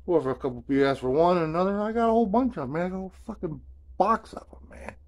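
Very fast and high-voiced with lively intonation, a man hosts a casual video journal. He rambles and tells stories in a laid-back way, swearing, using slang and constantly saying "man" and "you know what I'm saying."

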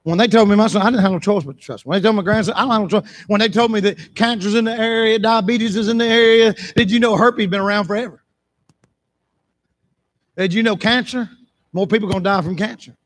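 A man preaching a sermon in church, impassioned, repeating phrases for emphasis and breaking into shouts. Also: high voice, fast.

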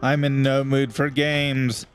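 A man voicing a gruff, dismissive male rat guard in a video game, with a brusque, scoffing delivery. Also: medium pitch, flat delivery, slow, soft background music, pitched below the performer's own voice, lightly acted.

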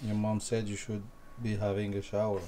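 A man in a family vlog, soft-spoken and caring, gently asking how someone feels. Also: on the low side, monotone, moderate pace, slight background noise. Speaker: husband.

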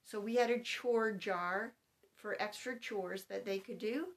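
Woman, middle-aged, homeschooling mother, instructional talk, calm, methodical, point-by-point. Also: mid-range voice, a little slow. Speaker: homeschooling mother giving advice.

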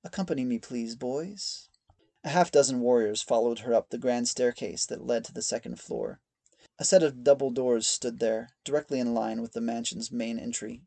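A man narrating a fantasy audiobook in a measured storytelling reading on a close mic. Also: mid-range voice, steady tone, gravelly, warm tone, dry recording. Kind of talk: scripted narration.

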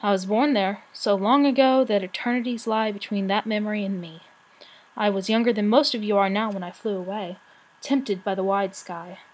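A woman's voice: mid-range voice, steady tone, darkish tone, lightly acted, poor audio. A woman voicing a weary, wise, very old male dragon in a storybook reading. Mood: solemn. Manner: slow, solemn, grave.

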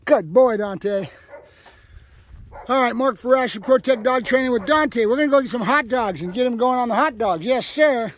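A dog trainer with a high-pitched voice talks to the camera in a relaxed way. He explains things plainly, then his voice leaps up into bright, eager praise for the dog. It has the easy feel of a casual training vlog. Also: moderate pace.

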